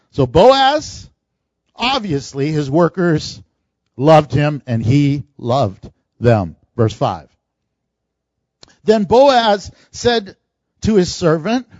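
High-voiced man preaching a sermon. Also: darkish tone, dry recording. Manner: conversational preaching with chuckles and acted-out quotes. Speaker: pastor. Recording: dull lo-fi dry recording.

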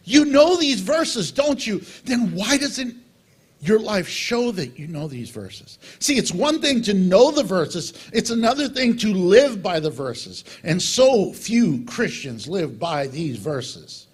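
A middle-aged man preaching a sermon as pastor, animated and acting out little dialogues with God. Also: high-pitched, takes it slowly, breathy edge.

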